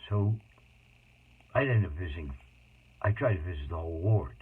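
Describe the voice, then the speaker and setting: A man telling a personal story in a rambling, emotional monologue with sudden loud outbursts. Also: low-pitched, lively intonation, moderate pace, breathy edge. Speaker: autobiographical storyteller. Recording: tinny phone-like noisy recording.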